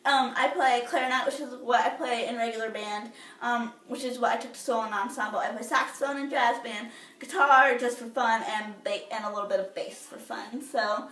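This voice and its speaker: Teen girl, rambling chatty vlog, a bit high voice, far off mic in an echoey room. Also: brisk, fairly bright tone. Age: teens. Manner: rambling, bubbly, many fillers and restarts. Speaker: vlogger. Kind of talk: casual chat.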